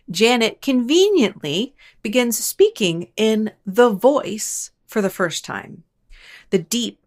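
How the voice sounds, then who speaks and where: A woman hosting a paranormal storytelling show, narrating casually and chattily with wry asides and quick self-corrections. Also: mid-range voice. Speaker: host of a paranormal storytelling channel.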